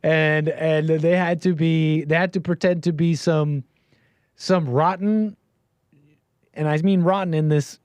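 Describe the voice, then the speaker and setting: A man hosting a livestream, ranting in commentary style with animated bursts and lots of restarts. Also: on the high side, smooth, no echo. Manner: animated, rapid restarts, sudden loud bursts. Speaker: livestream host.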